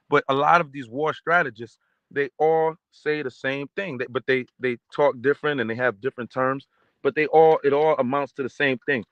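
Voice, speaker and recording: A man's voice: mid-range voice, fairly bright tone, no room sound, muffled recording. A man in a casual livestream rant, reading viewer comments and hammering each point with repeated "okay?" and "right?". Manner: emphatic, repetitive, keeps asking "okay?".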